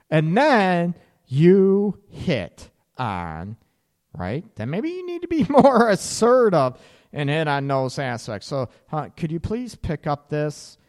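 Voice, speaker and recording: A man hosting a relationship advice radio show, blunt and animated, with sarcastic asides and casual swearing. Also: fairly high pitch, takes it slowly, long reverb tail.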